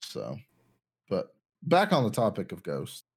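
A man's voice: lowish voice, huge pitch swings, a little slow, gravelly, a little mellow, husky. A young man co-hosting a casual podcast chat, rambling and thinking aloud with lots of restarts. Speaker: podcast co-host.

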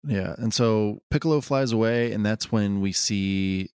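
A man's voice: on the low side, measured pace, a little mellow, smooth, no room sound, studio quality. A young man co-hosting a podcast in casual chat, jokey and given to acting out quotes in silly voices. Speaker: podcast co-host.

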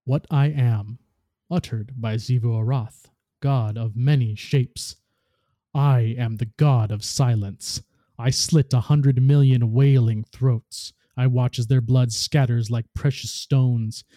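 A ruthless, boastful female war god speaks in a slow, solemn recital, read aloud by a man. The voice is very dark and mellow. The recording is dry. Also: medium pitch, fairly even intonation, no echo, lightly acted. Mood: grim, solemn.

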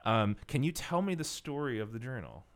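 A man's voice: medium pitch, big pitch swings, a little fast. A man hosting a podcast, asking questions in a hesitant, searching way. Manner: hesitant, searching, many fillers and restarts. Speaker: podcast host. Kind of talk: interview questions.

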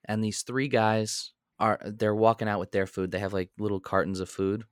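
A young man and podcast co-host telling a story in a casual, animated way. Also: moderate pace, clean tone, no room sound, clean studio sound. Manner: animated storyteller, jumps into high voices when quoting.

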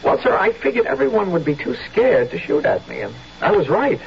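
A stammering nervous young soldier. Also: male voice, sits high, very animated, fairly quick, creaky, exaggerated voice. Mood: earnest. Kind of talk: 1970s radio drama acting. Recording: dull old radio broadcast with faint hiss.

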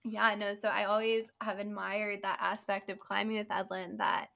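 Woman podcast co-host, slight gravel, chatty storyteller, lots of "like". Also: medium pitch, normal speed. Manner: animated storytelling, many "like" fillers. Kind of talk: casual conversation.

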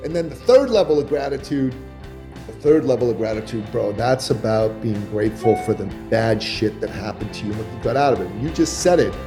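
A man in his forties, a podcast guest, telling stories in a loose, animated way with lots of swearing. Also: mid-range voice, brisk, over music. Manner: profane, animated storytelling. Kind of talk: casual podcast storytelling.

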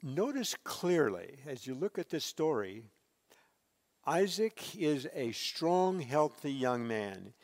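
A man delivers a sermon from the pulpit, his voice a little high for a man. He preaches expressively, rising to loud emphasis and sinking to near-quiet. A long reverb hangs on his words in the hall. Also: slow. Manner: expressive preaching, swells loud and drops soft. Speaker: pastor.

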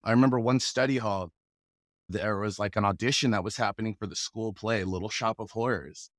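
A man from the Pacific Northwest, a guest telling stories in a relaxed, casual way, often chuckling. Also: fairly low pitch, a little fast, no echo, studio quality. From Pacific Northwest, USA. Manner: relaxed, chuckles often, acts out quoted voices. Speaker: guest, rapper and actor. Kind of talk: casual conversational storytelling.

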